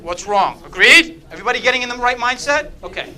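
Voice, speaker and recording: An extremely high-pitched man speaks quickly as he quizzes a group on faith, peppering his apologetics talk with "okay?" checks and playful asides. He's lively, animated and playfully funny, though the recording is low quality.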